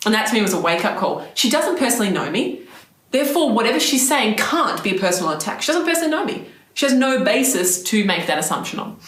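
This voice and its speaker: A woman's voice: medium pitch, big pitch swings, fast talker, reverberant. A woman business coach giving encouraging advice straight to her viewers, repeating key phrases and checking in with "right?". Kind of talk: direct-to-camera advice talk.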